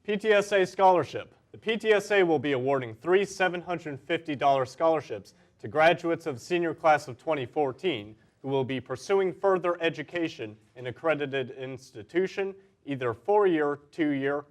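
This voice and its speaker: A teenage boy reading school announcements in a steady, clear manner as a student announcer. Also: a little high. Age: teens. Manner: steady, clear read with stressed headlines.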